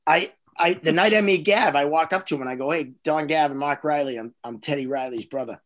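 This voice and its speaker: A comedian, telling stories in casual chat with frequent restarts. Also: male voice, a little high, a little fast. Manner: rambling, animated storyteller with restarts. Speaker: comedian host.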